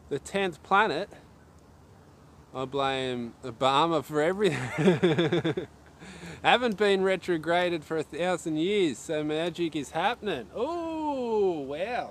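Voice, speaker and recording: A young Australian man hosting a casual livestream, rambling along and talking half to himself, half to his viewers. His voice sits a touch high for a man, with a faint hiss of noise underneath. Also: fairly bright tone. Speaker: archery livestreamer.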